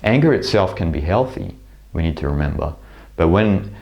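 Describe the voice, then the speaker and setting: A man's voice: sits low, expressive, moderate pace, gravelly, lo-fi sound. A man giving a reflective spoken talk on spirituality, with frequent fillers and restarts. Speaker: spiritual teacher. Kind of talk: spoken lecture to camera.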